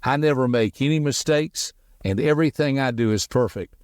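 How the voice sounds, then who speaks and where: Man, middle-aged, motivational podcast host, folksy, quick and emphatic, mid pitch, dry close sound. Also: darkish tone, clean tone, no echo. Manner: quick, folksy and emphatic, tells personal stories. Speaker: podcast host and personality teacher.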